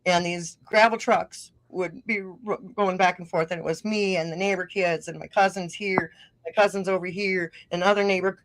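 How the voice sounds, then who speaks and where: Here her pitch sits fairly low, with a steady tone and normal pace. She's a middle-aged musician-podcaster from northern Minnesota, guesting in a relaxed interview where she drifts through stories and laughs often.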